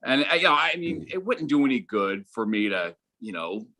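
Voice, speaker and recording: Bright-voiced middle-aged male stand-up comic. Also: medium pitch, sing-song. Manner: rambling, halting, full of fillers and restarts. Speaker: stand-up comedian. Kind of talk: stand-up comedy set.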